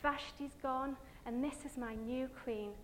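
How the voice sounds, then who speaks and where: A contented, easily persuaded king who muses softly and sounds pleased with himself, as a woman voices him. The voice sits high, with light background noise. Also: steady tone, unhurried. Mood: delighted.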